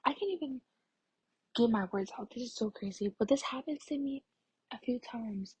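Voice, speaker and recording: A young woman vlogging in a very breathy, airy voice that keeps slipping into a half-whisper. Her pitch sits a little on the high side, and she fills her rambling with "like." She sounds exasperated as she talks straight to camera. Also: fairly quick, lo-fi sound. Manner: soft-spoken, frequent "like" fillers, exasperated. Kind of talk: casual vlog rant.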